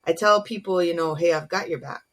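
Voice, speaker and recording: A woman's voice: lowish voice, a little fast. A woman, a naval officer and comedian, speaking frankly and earnestly as a podcast guest, with many um and you know asides. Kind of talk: candid podcast conversation.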